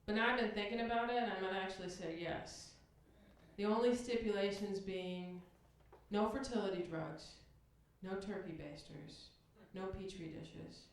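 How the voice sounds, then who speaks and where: A woman doing a stand-up set on a comedy club stage, with a dry, deadpan delivery. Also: medium pitch, moderate pace. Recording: distant echoey club recording with hiss.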